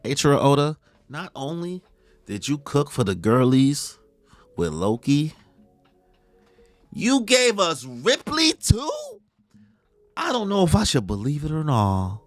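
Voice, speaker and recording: A man hosting a live manga reaction who talks in a casual, slangy, excitable way. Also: a little high, slow pace, pauses often, dry recording, faint music behind. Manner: slangy, excitable, goes off on tangents.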